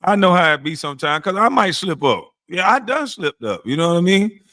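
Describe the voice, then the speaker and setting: On a casual livestream, the male host heckles and trash-talks his chat while smoking. His voice rises sharply with each heckle and drops to slow, low speech when he relaxes.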